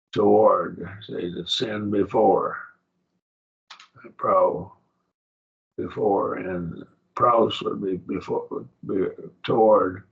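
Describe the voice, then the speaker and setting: A man with a very low, gravelly voice teaches a Bible class at an unhurried pace. He walks through the Greek grammar one step at a time and keeps checking that the students follow. The recording sounds dull and lo-fi. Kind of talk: college-level Bible study lesson.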